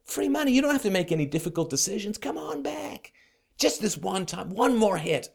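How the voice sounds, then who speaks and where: A man's voice: sits high, very animated, a little fast, gravelly, breathy edge, pitched above the performer's own voice, full character voice. A man doing a wheedling alley drug pusher. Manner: wheedling, coaxing. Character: sleazy male drug pusher lurking in an alley.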